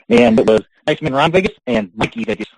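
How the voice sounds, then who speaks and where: A man's voice: on the high side, sing-song, brisk, vocal fry, husky, dry recording, rough recording. A man being interviewed on a podcast, telling long rambling stories and laughing between them. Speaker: guest, pro wrestler. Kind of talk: casual podcast interview storytelling.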